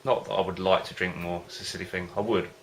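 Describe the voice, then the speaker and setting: A man's voice: sits low, steady tone, quick pace, fairly bright tone, slight background noise. A man vlogging about home brewing in a casual, rambling way, often hesitating and losing his thread. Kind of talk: casual rambling chat to camera.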